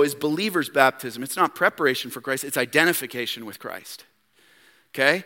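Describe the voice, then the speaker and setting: A man preaching a sermon in a church, animated and full of rhetorical questions put straight to his listeners. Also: on the high side. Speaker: pastor. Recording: long church reverb.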